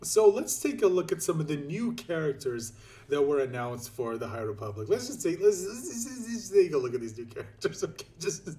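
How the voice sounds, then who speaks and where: A man with a somewhat high voice runs a mocking commentary vlog. He is sarcastic and crude, and keeps laughing between his remarks. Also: very animated, a little fast, warm tone. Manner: swears casually. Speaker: YouTube commentator.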